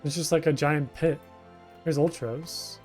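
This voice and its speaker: A young man on a home game stream chats loosely and with amusement. His voice sits a little high. Faint game music plays underneath. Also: steady tone, a little slow, darkish tone. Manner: casual, amused, chatty with fillers. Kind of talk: casual gameplay commentary. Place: home gaming setup.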